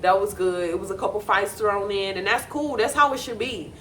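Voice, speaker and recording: A young woman giving blunt, profane, animated commentary on a reality show. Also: mid-range voice, fairly quick, slight background noise. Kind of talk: casual reaction commentary.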